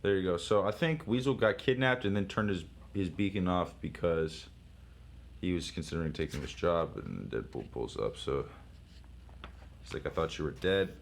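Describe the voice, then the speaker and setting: A young man casually paging through a comic, talking in an excitable, profane, rambling way with shouted sound effects. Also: sits low, moderate pace, creaky, slight background noise. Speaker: comic book reviewer.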